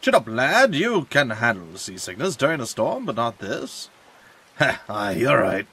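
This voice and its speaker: A man reading a game line as a rough pirate sailor in an exaggerated, deliberately poor Irish pirate lilt. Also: medium pitch, very animated, a bit bright, full character voice. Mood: gruff.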